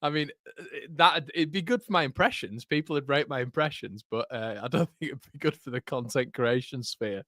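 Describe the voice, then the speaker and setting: A man's voice: mid-range voice, brisk, fairly bright tone, no room sound, studio quality. A young man hosting a live football watchalong, chatty and casual, who keeps breaking into giggles. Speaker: host.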